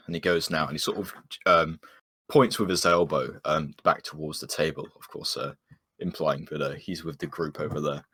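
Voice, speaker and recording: Man, player, very low voice, husky, relaxed, dry close sound. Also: normal speed, no room sound. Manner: relaxed, hesitant with uhs. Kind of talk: narrating his character's actions.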